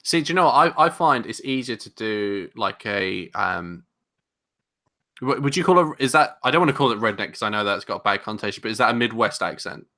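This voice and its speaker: A man with a London accent chats animatedly on a podcast, often breaking off and restarting his sentences. His voice sits low but sounds bright and forward, in a casual conversational style. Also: a little fast. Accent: London English. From England. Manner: animated, rambling with many restarts. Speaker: podcast co-host. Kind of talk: casual chat.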